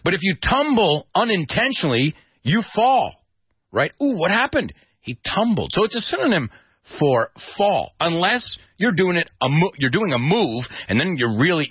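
A man hosting a radio English lesson as DJ and teacher, animated and demonstrative, spelling out words and acting out their meanings. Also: medium pitch, breathy edge, no room sound, lo-fi sound. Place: radio studio.

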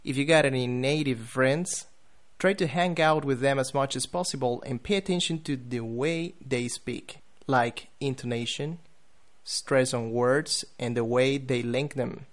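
A man teaching English pronunciation. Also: medium pitch. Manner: careful, deliberate, spelling out example words. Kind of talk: podcast lesson.

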